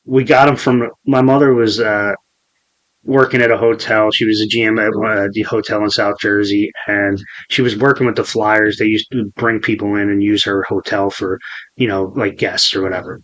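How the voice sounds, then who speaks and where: A man's voice: on the low side, level tone, normal speed, a bit bright, low-quality recording. A man in his forties hosting a podcast, telling a story in a profane, rambling way with many restarts. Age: 40s. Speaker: podcast host. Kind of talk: casual podcast chat.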